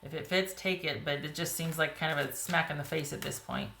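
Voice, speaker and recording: A woman giving a casual, rambling tarot reading to viewers, her voice getting a little hoarse. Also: deep voice, fairly even intonation, brisk, a bit bright, reverberant, a little hiss or hum. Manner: chatty, rambling, frequent "you know" and "like". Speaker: tarot reader.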